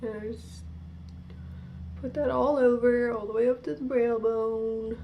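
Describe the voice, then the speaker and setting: A woman's voice: fairly high pitch, fairly even intonation, a little slow, creaky, highs cut off, a little hiss or hum. A young woman from New Jersey with a New Jersey accent, chatting casually through a makeup tutorial with lots of "like" fillers. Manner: chatty, rambling, many "like" fillers. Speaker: beauty vlogger. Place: at home in front of a mirror.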